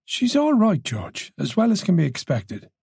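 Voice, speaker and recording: A narrator voicing a calm, reasonable Irish police chief who speaks in a soothing way. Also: male voice, high voice, normal speed, vocal fry, slightly rough, no room sound, studio quality, voice pushed up, full character voice. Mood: reassuring.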